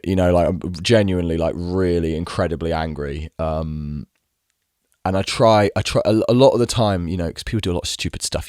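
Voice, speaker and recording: A man's voice: low-pitched, no room sound, studio quality. A man telling a story to the camera in a casual, agitated rant, full of fillers, restarts and swearing. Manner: swears freely. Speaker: vlogger.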